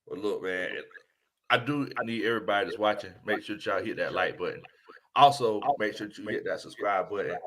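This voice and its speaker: A man co-hosting a casual sports podcast, laughing often and giving shout-outs to viewers. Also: lowish voice, fairly quick, slight background noise. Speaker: co-host.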